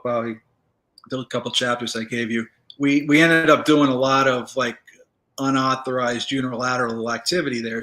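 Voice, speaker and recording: The speaker is an ex-federal agent with a mid-range voice, easygoing and meandering as he recounts stories in a casual interview full of fillers.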